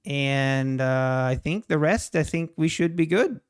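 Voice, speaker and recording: A man's voice: a little high, a little slow, smooth. A man streaming his trading live, talking to the chart and chatting with viewers between laughs.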